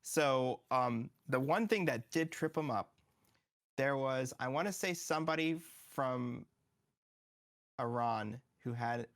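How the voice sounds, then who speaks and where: A man's voice: mid-range voice, takes it slowly, fairly bright tone. A man appearing as a game developer guest in a casual studio interview, eagerly explaining and acting out what players say.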